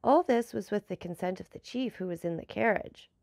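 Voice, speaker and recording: A woman's voice: mid-range voice, brisk, vocal fry, darkish tone, no room sound, studio quality, lightly acted. A woman reading a deferential bandit messenger. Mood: deferential, telling. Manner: deferential, explaining.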